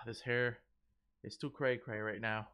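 A man's voice: mid-range voice, level tone, slow, sharp tone, smooth, no room sound, clean studio sound. A man livestreaming a game, chatting loosely with viewers in a rambling, profane way. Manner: rambling, swears freely, chats to viewers. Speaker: gaming livestreamer. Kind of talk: casual livestream chat while playing.

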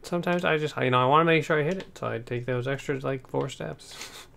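A man giving chatty, excitable let's-play commentary, talking to the game's characters as he plays. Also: medium pitch, brisk, gravelly, a little hiss or hum. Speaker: gameplay commentator.

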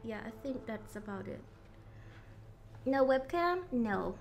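A woman's voice: on the high side, lively intonation, takes it slowly, gravelly, music in the background. A woman streaming a video game live, chatting casually with viewers, giggling often and swearing when startled. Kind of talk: casual live gameplay chat.

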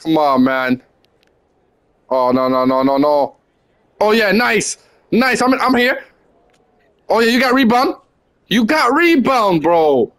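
A young man with a high voice chatting live during a basketball video game. He drawls his words slowly and barks the same short commands again and again, teasing and coaching his teammates. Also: sing-song, fairly bright tone. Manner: rapid repeated commands and teasing. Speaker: gamer coaching teammates on voice chat.

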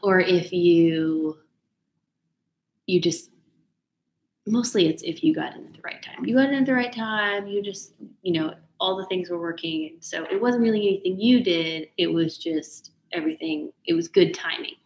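A woman's voice: fairly low pitch, moderate pace, darkish tone, roomy sound, poor audio. A woman hosting a live video talk, chatty and teasing, who laughs often. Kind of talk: casual motivational talk.

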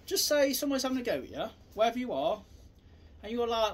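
Rambling, animated self-defence man. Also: very high voice, brisk. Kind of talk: casual demonstration to camera.

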